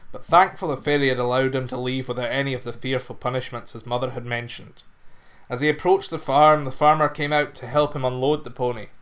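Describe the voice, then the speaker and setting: A man narrating a folk fairy tale in an expressive storytelling manner. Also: mid-range voice.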